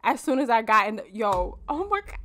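Speaking briskly in a voice on the high side, she runs a let's play with lively, laid-back commentary aimed right at her audience. She curses freely as she plays.

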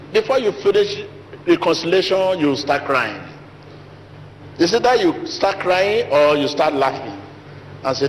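A man's voice: lively intonation, moderate pace. A man delivering an emphatic, repetitive sermon as a pastor in a large church hall. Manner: repetitive emphatic preaching, rising to high pitch. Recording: long hall reverb, faint noise.

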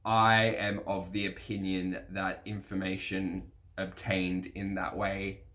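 A man hosting a reaction vlog, talking to camera in a measured, hesitant way, his voice slightly croaky and congested. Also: low-pitched, level tone, fairly bright tone. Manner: measured, hesitant with many fillers. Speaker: reaction channel host. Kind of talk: casual commentary to camera.

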